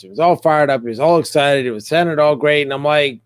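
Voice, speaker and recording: A middle-aged man telling a funny story on a podcast, animated and joking. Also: on the high side, fairly quick, clear, resonant tone. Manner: animated, joking, acts out quotes. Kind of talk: casual storytelling.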